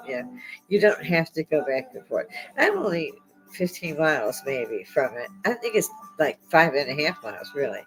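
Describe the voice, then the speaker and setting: A woman's voice: sits low, big pitch swings, a little slow, over music, low-quality recording. Chatty woman who laughs a lot. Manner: chatty, laughs often, wry and irreverent. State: in pain, close to tears. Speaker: vlogger hosting her own channel. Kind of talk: casual rambling chat to viewers.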